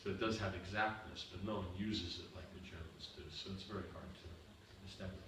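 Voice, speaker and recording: Recorded at a distance in a reverberant seminar room with faint background noise, a man lectures in a seminar Q&A format. His low-pitched voice moves fairly quickly with fairly even intonation. He answers questions through repeated examples, frequently checking "you understand?"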